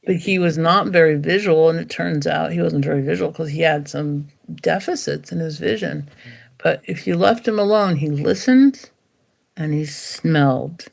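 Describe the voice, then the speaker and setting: A woman dog behaviour expert talking as a podcast guest, animated and acting out quotes as she explains. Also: deep voice, moderate pace. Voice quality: animated, acts out quotes, gravelly. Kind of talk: podcast interview conversation.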